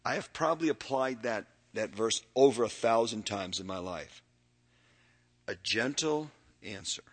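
A man, older, preaching a sermon, earnestly reading verses and moving between loud emphatic bursts and quiet, drawn-out phrases. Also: on the low side, expressive, husky.

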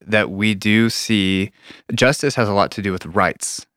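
A man with a fairly low voice talks through ideas about justice in an earnest, explanatory way, often restarting mid-sentence. The sound is dry and close, with no room around it. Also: unhurried, a bit bright, smooth, no echo. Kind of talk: conversational theology discussion.

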